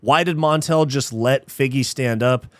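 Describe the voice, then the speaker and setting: A young man commenting live on a fight as host, excitable and easily frustrated, swearing casually and calling people dude and bro. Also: mid-range voice, a little slow, no echo.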